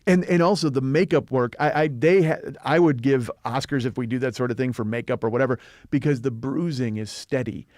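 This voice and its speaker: Guy talking movies super fast on a podcast, does the voices, cusses a lot, dry mic. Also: mid-range voice, no echo. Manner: fast, animated retelling of scenes, acting out lines, profane. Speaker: podcast host. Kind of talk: casual film discussion. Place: podcast studio. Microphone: studio mic.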